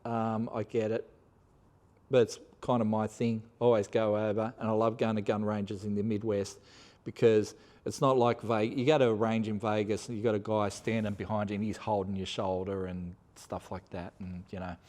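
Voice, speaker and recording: A man's voice: lowish voice, little pitch movement, normal speed, a little mellow. An Australian man hosting a casual chat, rambling and chatty as he tells travel stories, laughing at his own tales. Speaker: host.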